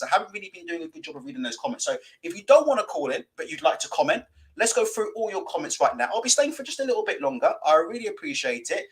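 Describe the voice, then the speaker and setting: A man hosting a boxing livestream, ranting, swearing and reading out viewer comments, with mocking put-on voices. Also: high voice. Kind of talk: live-stream rant and comment reading.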